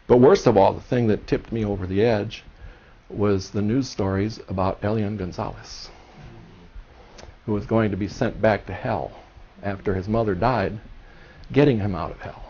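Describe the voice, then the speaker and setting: In a seminar room, a historian from Cuba in his sixties tells his story with earnestness and passion. His fairly low, dark voice keeps fairly even intonation at a moderate pace, and the dull lo-fi recording carries slight background noise.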